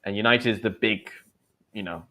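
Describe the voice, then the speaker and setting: An English teacher hosts a livestream, chatting and teaching in a friendly, encouraging manner and reading out viewers' comments. His voice is fairly low, with a sharp tone and a moderate pace.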